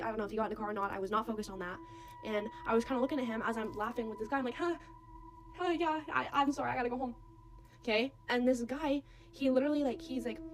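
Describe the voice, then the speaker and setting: Young woman, casual storytime, slightly high-pitched, animated retelling. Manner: animated, quotes others' voices, many "like"s.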